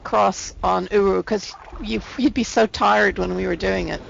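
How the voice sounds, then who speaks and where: Gravelly-voiced woman chatting. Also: mid-range voice, steady tone, measured pace. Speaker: co-host. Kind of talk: casual chat. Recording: dull lo-fi sound with faint hiss.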